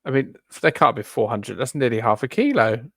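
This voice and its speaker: A man's voice: mid-range voice, big pitch swings, brisk, fairly bright tone, dry recording, studio quality. Hesitant man hosting a chat podcast. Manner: hesitant, lots of ums and restarts. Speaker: podcast co-host. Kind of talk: casual chat.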